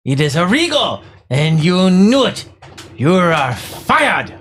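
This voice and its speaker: A man's voice: sits high, very animated, takes it slowly, a bit bright, a little hiss or hum, full character voice. A man playing a stern boss who fires an employee in a cold, formal, clipped way, in a comedy sketch.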